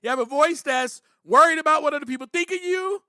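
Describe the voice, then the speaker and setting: A man's voice: very high voice, fast talker, sharp tone, dry recording, clean studio sound. A man hosting a podcast, giving earnest, reflective spiritual recovery talk, with frequent "you know" and bursts of emphasis. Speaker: podcast host.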